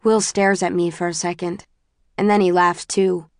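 A woman reads a first-person novel aloud in a measured, introspective way. Her voice sits on the lower side for a woman. The sound is close and dry, with no room echo. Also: level tone. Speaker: audiobook narrator.

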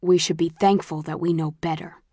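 A woman's voice: fairly low pitch, steady tone, a little fast, mellow, dry recording, studio quality, close to an everyday voice. A woman voicing a stern, principled middle-aged father in a firm, clipped and disapproving manner.

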